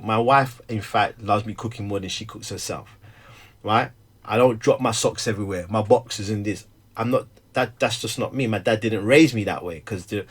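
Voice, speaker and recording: A middle-aged man, a stay-at-home father who also preaches, talking candidly in an animated, storytelling way with frequent laughter. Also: medium pitch. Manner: animated storyteller, acts out quotes, laughs often. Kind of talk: candid conversation.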